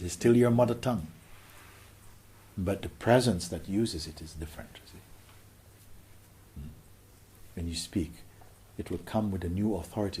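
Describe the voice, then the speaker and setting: A man giving a contemplative spiritual talk as a teacher, gentle and questioning, often sinking into a whisper. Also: low voice, slight background noise.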